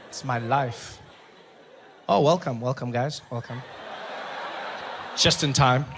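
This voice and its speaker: A man's voice: mid-range voice, slow pace. A man, telling stand-up stories and acting out the characters in them. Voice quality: animated, acts out characters. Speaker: stand-up comedian. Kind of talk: stand-up storytelling. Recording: live stand-up with crowd noise.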